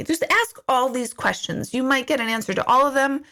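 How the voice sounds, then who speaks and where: A woman's voice: high-pitched, a little fast. Chatty woman hosting a live Q&A. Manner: chatty, storytelling, quotes herself in lively asides. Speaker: intuitive medium answering viewer questions. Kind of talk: casual live-stream Q&A.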